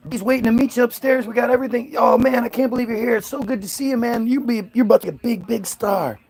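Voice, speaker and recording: A man's voice: very high voice, fast, creaky, darkish tone, slightly rough, voice pushed up, exaggerated voice. A man voicing a fawning male record-label staffer who greets a newcomer effusively.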